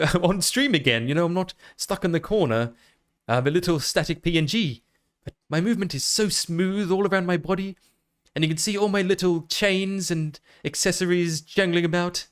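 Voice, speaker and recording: Rambling Australian man streaming. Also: fairly high pitch. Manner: rambling, self-amused, with frequent fillers and laughs. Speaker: VTuber streamer. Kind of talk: casual live-stream chat.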